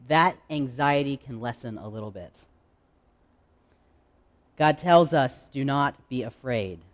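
Conversational male pastor preaching. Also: fairly high pitch. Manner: conversational, candid preaching with dramatic pauses. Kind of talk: sermon.

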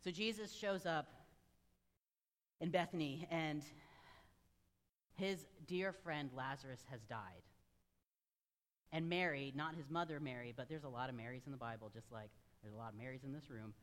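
A man's voice: mid-range voice, moderate pace, long pauses, fairly bright tone. A man preaching a sermon in a church, earnest and conversational, speaking directly to his congregation. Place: church sanctuary. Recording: long reverb of a large room.

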